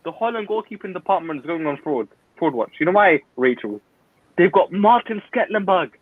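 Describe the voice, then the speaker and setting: A young man, a guest pundit in heated football banter, ranting loudly and with strong opinions. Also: high-pitched, animated, no echo. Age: young adult. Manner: loud, ranting, opinionated, quick asides. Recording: tinny dry phone-line audio.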